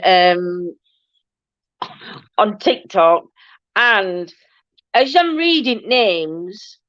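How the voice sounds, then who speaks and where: Yorkshire woman from Barnsley hosting a casual livestream, chatty and quick to laugh, dull dry recording. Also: mid-range voice, dry recording. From Yorkshire, England. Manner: chatty and laughing, broad dialect. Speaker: livestream host. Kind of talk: casual chat reading viewer comments.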